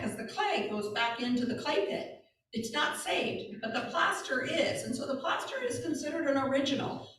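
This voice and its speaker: A woman guest speaker telling stories to a church audience in a chatty way, with many asides. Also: fairly high pitch. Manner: chatty, warm storytelling with asides and fillers. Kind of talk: informal talk to a congregation. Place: church hall. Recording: echoey hall, speaker far from mic.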